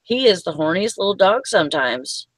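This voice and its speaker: A woman's voice: lowish voice, very animated, normal speed, fairly bright tone, no room sound, poor audio. A woman rambling bluntly in casual live chat, swearing freely.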